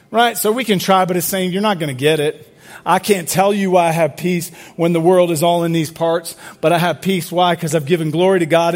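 A male pastor with a high-pitched voice delivers a sermon. He talks to the congregation conversationally, throws questions at them and often repeats his words as he goes.

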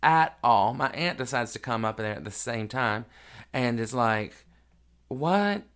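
A man's voice: medium pitch, fairly even intonation, measured pace, fairly bright tone, clean tone. A man, hosting a podcast and telling a family story in a raw, emotional, unedited way. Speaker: podcast host. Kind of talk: casual storytelling monologue.

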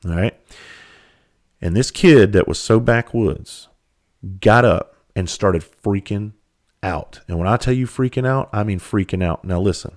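A man's voice: on the low side, unhurried, darkish tone. A man from South Carolina, a comedian and speaker telling a loose, profane story in casual conversational style.

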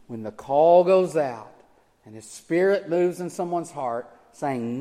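A man preaching a sermon as pastor, emphatic, swinging from loud urging to hushed low tones. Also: expressive, slow. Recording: church hall with long reverb.

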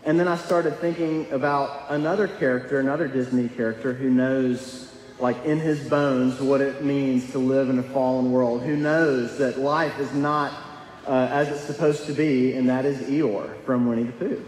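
A young man preaches a sermon in a relaxed, conversational way, earnest and full of small fillers and restarts. His voice sits at an ordinary middle pitch. It carries the long, roomy echo of a church hall, with a faint hum of room noise behind him. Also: normal speed. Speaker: pastor. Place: church sanctuary.

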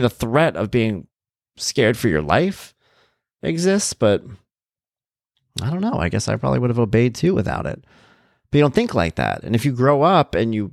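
A man's voice: mid-range voice, no echo, studio quality. A middle-aged man earnestly telling his own life story as a parent, candid and reflective. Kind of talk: personal storytelling.

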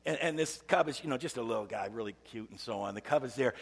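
Gravelly-voiced pastor preaching in church. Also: male voice, mid-range voice, quick pace, hardly any pauses, long reverb tail. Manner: storytelling, swings from loud to hushed. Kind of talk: sermon. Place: church sanctuary.

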